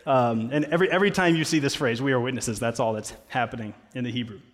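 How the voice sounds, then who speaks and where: A man's voice: medium pitch, fast talker. Man preaching in an echoing hall. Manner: conversational, with playful asides. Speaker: pastor. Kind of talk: sermon. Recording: long reverb of a large hall.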